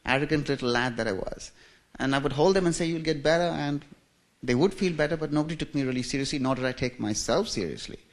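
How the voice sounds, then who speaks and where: With a mid-range voice and a fast way of talking, a man from India recounts his life in a church setting, chuckling, joking and making fun of himself.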